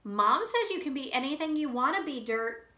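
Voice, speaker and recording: A woman's voice: high voice, animated, normal speed, bright, forceful tone, voice pushed up. A woman voicing an earnest young chick who asks questions. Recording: roomy echo.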